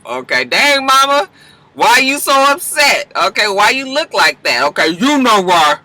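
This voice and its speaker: A young woman talks through a TV episode recap in a casual, animated vlog style. She jokes, swears freely and lets her delivery swing around a lot. Her voice is strikingly bright. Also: deep voice, moderate pace. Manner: animated, profane, joking. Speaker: TV show reviewer.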